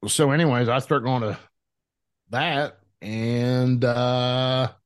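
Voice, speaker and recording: A man in his thirties, a podcast guest telling his story in a rambling, profane, animated way, with many restarts. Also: mid-range voice, slow, smooth, dry recording. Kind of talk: casual storytelling interview.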